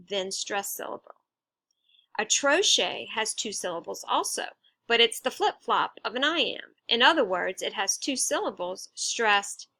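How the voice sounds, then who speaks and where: A woman's voice: on the high side, pushed and bright, dry recording. A woman teacher patiently explaining a lesson, stressing syllables as she goes. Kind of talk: recorded instructional lesson.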